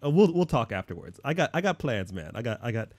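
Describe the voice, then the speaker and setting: Chill guy running a livestream, low mellow voice, dry close sound. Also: big pitch swings, fast talker, dry recording. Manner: laid-back, repeats words, says dude a lot. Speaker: livestream host. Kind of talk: casual chat.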